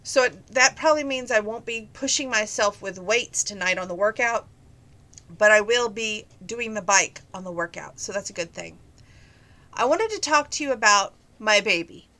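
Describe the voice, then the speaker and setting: A woman talks through her day in a relaxed, rambling vlog, leaving a story behind to chase a side thought. Her voice is bright and clear, with a touch of congestion from acting-up sinuses. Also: medium pitch, normal speed. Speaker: vlogger. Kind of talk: casual daily vlog.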